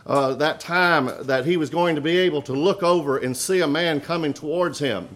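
A man's voice: fairly high pitch, normal speed, a bit bright. A young man preaching a sermon, quoting scripture with frequent fillers and restarts. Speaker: Primitive Baptist preacher.

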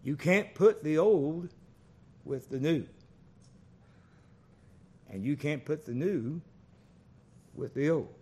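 A middle-aged man preaching a sermon, folksy and animated, telling stories with big swings in loudness. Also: on the high side, takes it slowly, pauses often.

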